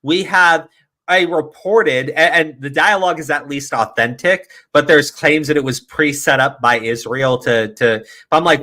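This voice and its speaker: A man's voice: on the high side, moderate pace, sharp tone. A man hosting a podcast, ranting profanely about the news and mocking opponents with sarcastic quotes. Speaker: podcast host. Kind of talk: heated political commentary.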